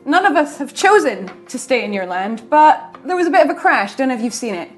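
A woman's voice: sits high, very animated, fairly quick, faint music behind. A woman voicing her adventurer character, speaking plainly and matter-of-factly to hostile strangers. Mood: placating.

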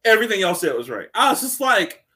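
A man co-hosting a casual podcast chat, excitable and slangy, laughing often. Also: high voice, fast. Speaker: podcast co-host.

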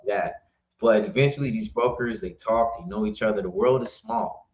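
A man's voice: fairly low pitch, normal speed. A man, a trucking company owner, telling stories as a podcast guest, acting out the voices of the people in them and laughing often. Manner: animated storyteller, acts out dialogue, laughs often. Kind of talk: casual storytelling interview. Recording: roomy, slightly dull sound.

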